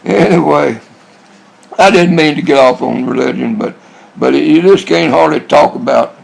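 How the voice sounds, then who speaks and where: A man's voice: medium pitch, normal speed. An older man, rambling bluntly in a monologue with many restarts. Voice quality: gravelly, husky. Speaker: YouTube vlogger.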